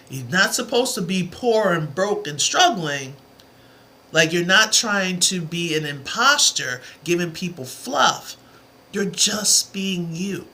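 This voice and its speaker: A woman's voice: lowish voice, sharp tone. A woman math tutor on a live stream, talking earnestly and encouragingly to her viewers, rambling from one point to the next. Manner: rambling, with many asides. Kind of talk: motivational livestream talk.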